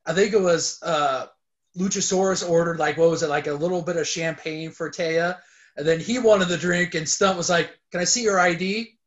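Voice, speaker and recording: A man's voice: on the high side, fairly even intonation, normal speed. A man co-hosting a casual wrestling podcast, recalling things loosely with stops and restarts. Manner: hesitant, loose, trailing recollections. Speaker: podcast co-host. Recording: lo-fi podcast audio.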